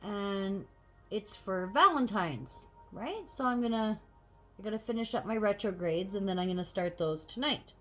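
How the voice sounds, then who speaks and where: A woman chatting casually to viewers as she gets ready, swearing freely and getting animated when annoyed. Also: medium pitch, normal speed, soft background music. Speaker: tarot reader and channel host. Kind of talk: casual get-ready-with-me chat.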